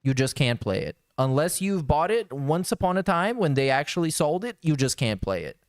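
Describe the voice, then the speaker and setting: A man's voice: on the high side, big pitch swings, moderate pace, no room sound, studio quality. A man hosting a podcast, giving blunt, sarcastic casual commentary on a clip. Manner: blunt, sarcastic, restarts often. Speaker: podcast host.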